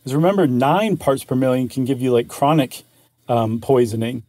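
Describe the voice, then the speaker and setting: A man's voice: medium pitch, normal speed, a little mellow, no echo. A man co-hosting a casual podcast, chatting enthusiastically and rambling with restarts. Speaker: podcast co-host. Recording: dry close studio mic.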